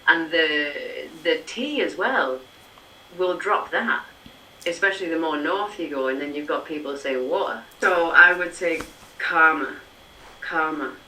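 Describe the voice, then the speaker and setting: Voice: medium pitch, unhurried, sharp tone. British english teacher, chatty lesson talk, distant echoey video call, faint hiss. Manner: chatty, restarts words. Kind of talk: casual lesson chat.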